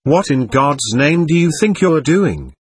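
Dude doing an impatient army lieutenant, brusque and contemptuous, voice swings all over, husky. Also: male voice, a little high, big pitch swings, unhurried, no room sound, clean studio sound, pitched above the performer's own voice, heavily acted.

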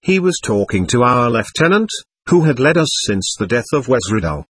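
Husky male audiobook narrator. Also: mid-range voice, sing-song, normal speed, fairly bright tone, no echo.

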